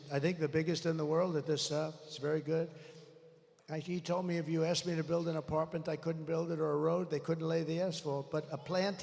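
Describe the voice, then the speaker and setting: A man with a strained throat giving a rambling, combative campaign rally speech, swinging between muttering and shouting, recorded live at a large rally venue. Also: fairly high pitch, gravelly. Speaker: political candidate. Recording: live rally with long reverb.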